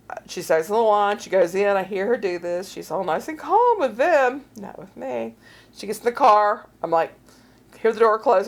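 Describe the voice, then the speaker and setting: A middle-aged woman co-hosting a podcast, casually telling a story and acting out quoted voices with big swings in pitch. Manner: animated, acts out quotes with big pitch jumps. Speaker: podcast co-host.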